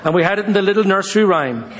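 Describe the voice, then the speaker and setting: A man leading a Bible study in an animated, joking storytelling manner. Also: high-pitched, very fast, slight background noise. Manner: animated, jokey, addresses listeners as guys. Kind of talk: informal sermon with storytelling.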